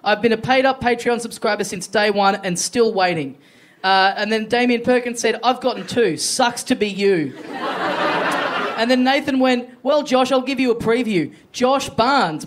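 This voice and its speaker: A man's voice: very high-pitched, normal speed, crowd noise. An Australian man co-hosting a live comedy podcast, reading out listener emails with swearing and laughing asides. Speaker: podcast co-host. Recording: live show with loud audience.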